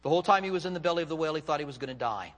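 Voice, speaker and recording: Fervent preacher in a reverberant hall. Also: male voice, fairly high pitch, expressive, very fast. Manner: dramatic, swings from loud fervor to hushed tones. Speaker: pastor. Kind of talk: sermon.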